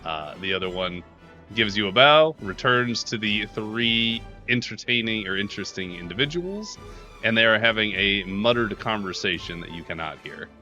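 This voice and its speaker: A man's voice: fairly low pitch, lively intonation, moderate pace, pushed and bright, soft background music. A man running a tabletop game as game master, narrating in a loose, casual way full of fillers.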